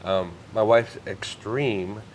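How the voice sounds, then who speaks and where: Earnest man telling stories, somewhat low-pitched. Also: takes it slowly, a little hiss or hum. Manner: storytelling, earnest, gets emotional. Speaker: psychic medium guest. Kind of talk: relaxed podcast conversation.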